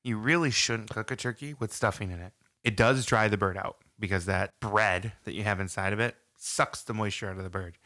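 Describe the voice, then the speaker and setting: A man's voice: on the low side, a little fast, bright, forceful tone, no echo, studio quality. A man co-hosting a casual podcast, joking around and giving cooking tips. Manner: jokey, gives cooking tips. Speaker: podcast co-host. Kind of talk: casual chat.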